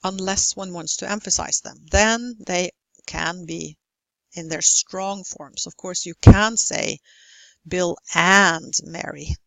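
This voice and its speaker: A woman teaching English pronunciation in a recorded lesson, speaking in a careful, deliberate way and stretching out example words. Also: fairly low pitch, vocal fry, no room sound, low-quality recording. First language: Norwegian. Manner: slow, careful, deliberate delivery with exaggerated model words.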